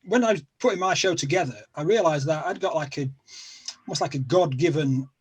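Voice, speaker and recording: Guest: South Yorkshire man, husky, slightly high, rambling and jokey. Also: fairly quick, rough recording. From Sheffield, South Yorkshire, England. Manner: chatty, rambling, self-deprecating humor. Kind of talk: casual chat.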